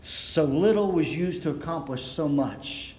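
High-voiced excitable preacher in a reverberant hall. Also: male voice, a little slow, a little hiss or hum. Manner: excitable, words run together when fired up; storytelling with playful voiced quotes. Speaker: pastor. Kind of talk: sermon.

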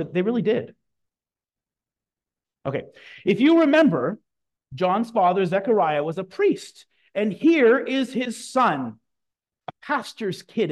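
A man preaching a sermon, emphatic and lively, with casual asides to his congregation. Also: sits high. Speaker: pastor.

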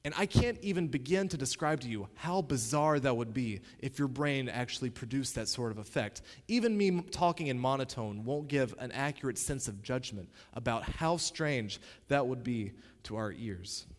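A man teaching in a playful, direct way, talking straight to the listener. His pitch swoops lively up and down around a middle register, and the room adds a long reverb. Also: normal speed, hardly any pauses. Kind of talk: spoken lesson to camera.

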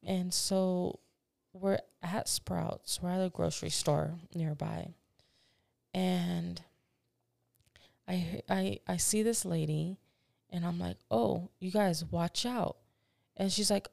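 A woman with a low, gravelly voice chats with a co-host on a podcast. She tells stories with energy and laughs often. The sound is close and dry. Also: slow pace, pauses often, no echo. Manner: animated storytelling, acts out voices, laughs often. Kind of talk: casual chat.

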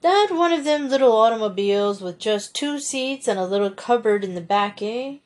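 Woman reading, puts on slow, drawling old farmer, stubborn, hard of hearing. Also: a little high, animated, darkish tone, close to an everyday voice. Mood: slow, doubtful.

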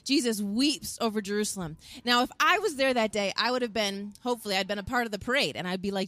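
A woman preaching a sermon as a pastor, earnest and animated, acting out quotes as she tells the story. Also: medium pitch, quick pace, hardly any pauses, dry recording. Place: outdoors in wind.

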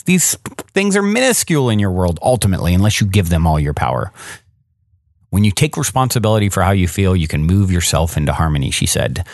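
A man's voice: fairly low pitch, no echo, studio quality. A man hosting a podcast, commenting casually and thinking aloud with lots of fillers. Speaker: podcast host.

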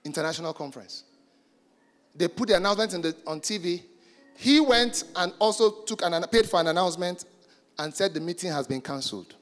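A man from Nigeria preaching a sermon, animated and joking, shouting some points and stretching words. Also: high-pitched, a little fast, in a large hall, faint music behind.

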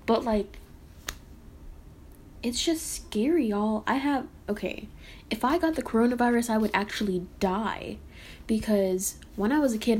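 A young woman ranting casually as a podcast host, rambling and animated, often sighing and cutting herself off. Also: mid-range voice, a little hiss or hum. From Texas. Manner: rambling and animated, with sighs and self-interruptions. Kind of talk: casual rant.

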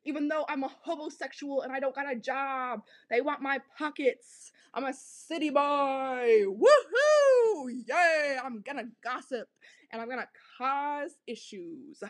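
A woman doing a sassy gossipy dude, high squeaky voice, giggly and showy. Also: a little slow, fairly bright tone. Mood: mocking. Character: sassy gossipy young man, showing off.

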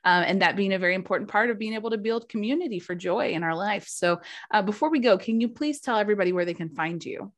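A woman's voice: medium pitch, fast, few pauses. A woman hosting a podcast, affirming her guest and wrapping up the show. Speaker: podcast host, energy coach.

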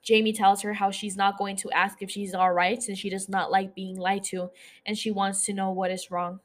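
A woman's voice: medium pitch, level tone, normal speed. A woman hosting a podcast, casually retelling a TV episode scene by scene, with swearing and gushing asides. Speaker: podcast host.

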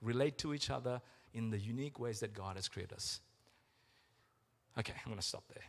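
A middle-aged man preaching a sermon as pastor, earnest and emotional, slowing down for emphasis. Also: medium pitch, creaky. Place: church. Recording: reverberant church hall with music.

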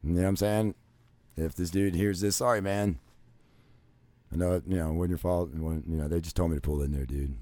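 A man's voice: steady tone, brisk, dry recording. Foul-mouthed man ranting, dry close sound. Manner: crude, swears constantly, many fillers like "you know"; swings from loud ranting to low muttering. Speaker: vlogger. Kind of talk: profane rambling storytelling.

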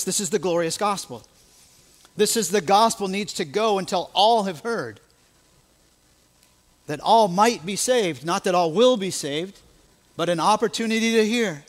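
A male pastor with an American accent preaching a sermon, emphatic and full of rhetorical questions. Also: high-pitched.

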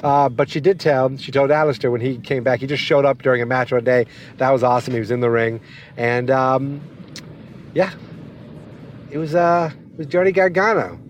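A man's voice: mid-range voice, fairly even intonation, normal speed, slight background noise. A man talking casually while driving, rambling and going off on tangents. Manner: rambling, tangent-prone, chatty. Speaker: wrestling vlogger. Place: inside a moving car.

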